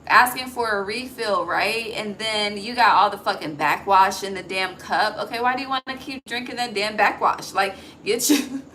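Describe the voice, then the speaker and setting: A woman reads tarot in a loose, chatty way, cursing casually and checking in with her listeners. Her voice is bright and forward. It is recorded on a phone with a faint hiss underneath. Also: mid-range voice, normal speed, rough recording. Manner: chatty, profane, asks "okay?" often. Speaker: tarot reader. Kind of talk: casual intuitive tarot reading.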